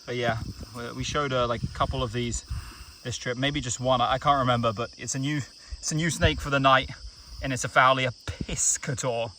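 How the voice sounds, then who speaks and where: A young man hosting a vlog, chatting excitedly and casually as he films outdoors at night by a forest stream. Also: medium pitch, fairly quick, slight background noise. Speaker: vlog host. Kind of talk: casual on-the-spot field commentary.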